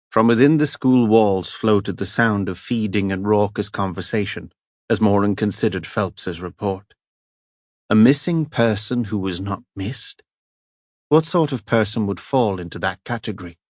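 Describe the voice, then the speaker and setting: A man narrates a crime thriller audiobook in a measured, even storytelling style as scripted narration. His voice is on the low side, and the clean studio sound has no echo.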